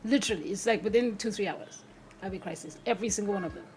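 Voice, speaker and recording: A woman speaking candidly as a podcast guest, expressive and quick to laugh, her voice swinging from soft to loud. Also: medium pitch, slight background noise. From Nigeria. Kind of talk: candid conversational interview.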